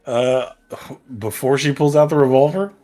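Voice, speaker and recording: A man's voice: medium pitch, normal speed, mellow, faint music behind. A young man playing a tabletop game, joking and self-mocking. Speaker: player. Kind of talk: casual tabletop play.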